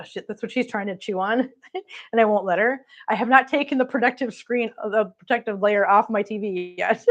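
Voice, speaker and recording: A woman vlogger walking around her home with a handheld phone, chatting casually and cooing at her cats in affectionate baby talk, laughing often. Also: medium pitch. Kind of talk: casual live-stream chat. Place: home living room and outdoor catio.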